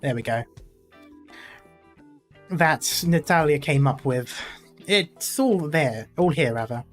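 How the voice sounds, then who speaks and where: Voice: medium pitch, animated, slow, faint music behind. A streamer reading a game story aloud and voicing a shrewd, practical young woman in a put-on Russian accent. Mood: scheming.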